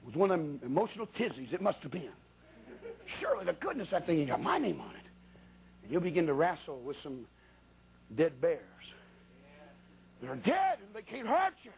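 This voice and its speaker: A man preaching a sermon as a colloquial, animated story, acting out sounds and voices. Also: fairly high pitch, normal speed, gravelly, pauses often, a little hiss or hum.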